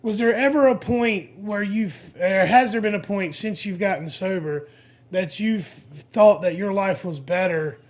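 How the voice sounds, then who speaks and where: A man hosting a casual podcast interview, asking questions in a halting way with many restarts. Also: high-pitched. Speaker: podcast host.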